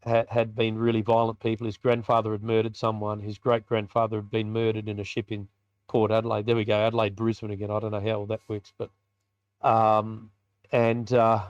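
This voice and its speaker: A man's voice: lowish voice, completely flat delivery, a little fast, no room sound, highs cut off. An Australian man, a biker ministry leader, telling a personal story in a podcast interview in a colloquial, vivid way and acting out the dialogue.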